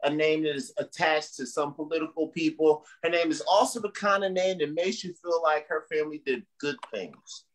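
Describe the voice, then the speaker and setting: A man's voice: fairly high pitch, normal speed, hardly any pauses. A man emceeing a comedy show, leading the audience in chants and call-outs. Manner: animated, leads crowd chants.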